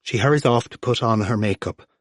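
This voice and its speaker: A man narrates an audiobook in a dry, close recording. He shifts his pitch to voice the different characters. His voice sits at an ordinary middle pitch. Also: fairly quick, no room sound.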